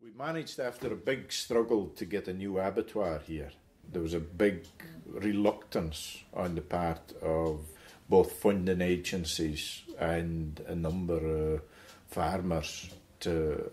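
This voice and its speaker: A middle-aged man, a livestock farmer telling his story slowly, with many hesitant fillers and repeats. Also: low voice, steady tone, a little mellow, slight background noise. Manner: deliberate, with frequent hesitant fillers and repeated words. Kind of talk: reflective interview storytelling.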